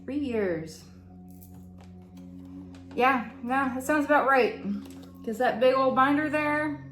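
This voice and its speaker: Middle-aged woman, tarot reader, slow and blunt, roomy sound. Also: fairly high pitch. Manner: frank, swears freely, thinks aloud while searching. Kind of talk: casual intuitive tarot reading. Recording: roomy echo with soft music behind.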